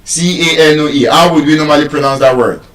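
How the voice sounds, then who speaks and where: A man with a Nigerian accent giving a live talk on pronunciation to an audience, playful and teasing, repeating words slowly to drill them. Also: fairly high pitch, a bit bright. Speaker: public speaker teaching pronunciation. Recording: echoey hall, voice from far off.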